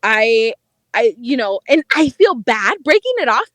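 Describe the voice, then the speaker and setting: Animated high-voiced woman telling a story. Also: a little slow, dry recording. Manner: animated, profane, laughing storyteller. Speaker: podcast co-host, dating correspondent. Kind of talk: casual storytelling chat.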